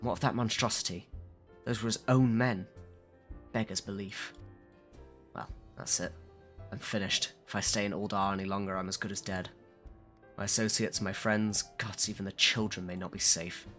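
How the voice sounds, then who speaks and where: A man's voice: on the low side, steady tone, normal speed, a bit bright, soft background music, close to an everyday voice. A man reading aloud the lines of a furious male merchant leader who curses indignantly, as he plays a game on a live stream. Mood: desperate. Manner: indignant, cursing.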